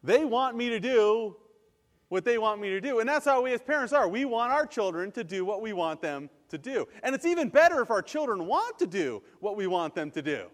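A male pastor giving a lively sermon, acting out quotes and then leading a prayer. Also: high voice, a little fast, in a large hall. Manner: animated, acts out quotes and leads prayer.

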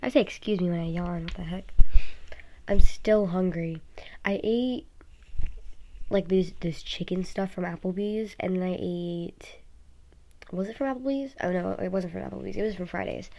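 A teenage girl rambles into her phone at home in a loose, chatty vlog, sounding tired. Her voice sits a little low with lots of gravelly vocal fry, and she strings thoughts together with plenty of "like" and "um". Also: normal speed, pauses often, mellow. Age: teens. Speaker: vlogger. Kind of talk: casual rambling vlog chat. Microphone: phone app recording.

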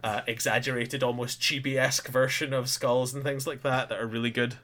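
A bright, forceful male voice in relaxed podcast conversation. He talks about a show with lots of filler words and restarts. When he quotes characters he jumps into loud, excited bursts. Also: mid-range voice, fairly quick. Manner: animated, breaks into loud quoted voices while retelling scenes. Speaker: podcast co-host. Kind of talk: casual chat reviewing an anime.

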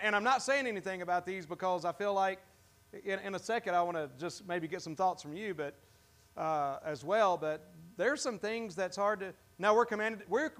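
The speaker is a pastor whose voice sits high with a fairly bright tone. Giving a sermon in church, he talks in a halting, conversational way, frequently starting sentences over and questioning his listeners.

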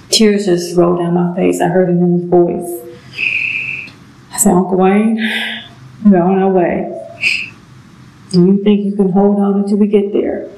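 A woman's voice: fairly low pitch, steady tone, warm tone. Emotional middle-aged woman in an echoey room. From southern United States. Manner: emotional, earnest, halting with pauses. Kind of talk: personal testimony.

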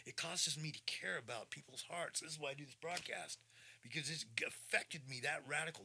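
A man in his sixties hosting a podcast, talking in a casual rambling monologue, excitable and swinging from low mutters to loud bursts. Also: vocal fry, breathy edge. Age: 60s. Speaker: podcast host. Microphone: studio mic through audio interface.

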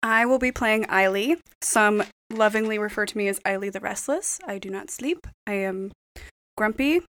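A young woman introducing her tabletop character in a dry, deadpan way. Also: medium pitch, normal speed, a little hiss or hum. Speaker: player. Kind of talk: casual tabletop game chat.

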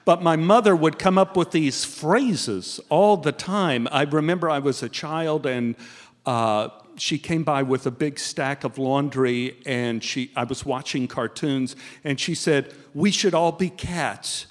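A middle-aged man telling a comic personal story on stage, acting out the dialogue with sudden jumps in pitch. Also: unhurried. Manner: animated, acts out dialogue with big pitch jumps. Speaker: guest storyteller. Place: live theater stage. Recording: long hall reverb from live venue.

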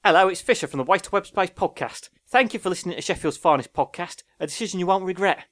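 A man's voice: sits high, quick pace, fairly bright tone, pitched above the performer's own voice. A man putting on a Cockney accent, reading a podcast promo line.

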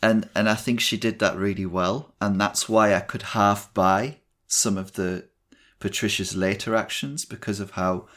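A man co-hosting a film podcast, speaking in measured, hedging casual chat. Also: on the low side, fairly even intonation, fairly bright tone. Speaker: podcast co-host.

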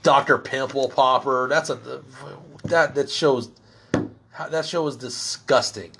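A middle-aged man on a profane, comedic rant, talking bluntly and crudely with constant swearing. His voice sits at an ordinary mid pitch and keeps rising with heat as he works himself up. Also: steady tone, takes it slowly, a bit bright, a little hiss or hum.

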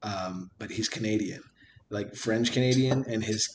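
A man's voice: fairly low pitch, moderate pace, background noise. A man in casual chat, rambling with lots of fillers, joking around and laughing often. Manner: jokey, breaks into mock voices.

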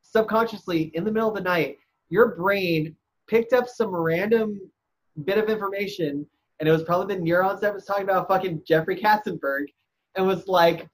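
A woman co-hosting a podcast, chatting in a relaxed, wry way. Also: mid-range voice, low-quality recording. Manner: relaxed, wry, quick to laugh. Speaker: podcast co-host. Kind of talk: casual chat. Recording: loud background noise.

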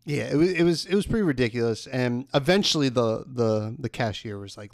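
A man's voice: medium pitch, fairly quick, few pauses, no echo, clean studio sound. A man chatting casually as a podcast co-host, telling rambling stories full of fillers. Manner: rambling storyteller, heavy on "like" fillers. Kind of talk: casual chat.

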